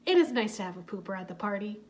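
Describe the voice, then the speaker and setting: A woman voicing a calm, precise male robot ninja who speaks formally and literally. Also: medium pitch, quick pace, lightly acted. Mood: matter-of-fact.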